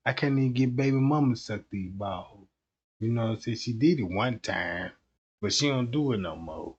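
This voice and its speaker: A man's voice: mid-range voice, animated, normal speed, breathy edge, lo-fi sound. A man voicing another man who mumbles a confession in a confiding tone. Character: hushed low-voiced man confessing his cheating.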